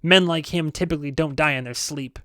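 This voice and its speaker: A man's voice: fairly high pitch, fairly quick, pushed and bright, no echo, studio quality. A man voicing a small, oily older businessman who is impatient and talks in a brusque, clipped, dismissive way. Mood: curt. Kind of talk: audiobook character voice.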